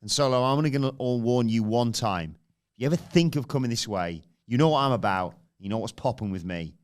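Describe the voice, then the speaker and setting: A man acting out a fired-up male wrestler who confronts and challenges a rival in a punchy, forceful way. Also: medium pitch, fairly quick, clear, resonant tone, lightly acted. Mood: defiant. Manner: confrontational, punchy, rising to a shout.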